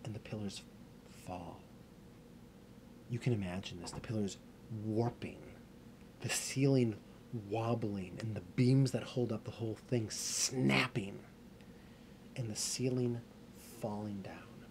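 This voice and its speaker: A man tells a story dramatically at a slow pace, halting and repeating words and dropping into whispers for effect. His voice is low and gravelly. A noisy background hums under the recording.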